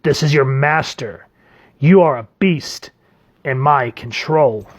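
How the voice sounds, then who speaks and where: A man reading aloud does a scheming comic-book professor who barks commands at his captive. The voice is cold and controlling, pushing up in pitch and volume when he panics. It sits close to an everyday speaking voice rather than a full character performance. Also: slow pace, lo-fi sound. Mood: commanding.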